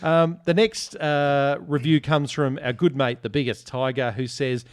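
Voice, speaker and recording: A man's voice: medium pitch, little pitch movement, a little slow, few pauses, clean tone, no room sound, studio quality. An Australian man hosting a sports podcast, reading listener reviews aloud and teasing his co-hosts in casual banter. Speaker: podcast host.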